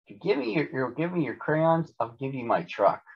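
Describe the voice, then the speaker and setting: A man's voice: mid-range voice, very animated, a little fast, creaky, husky, pitched above the performer's own voice, heavily acted. A man voicing a pushy young schoolboy who keeps bargaining, in a read-aloud storybook. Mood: wheedling. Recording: dull lo-fi recording.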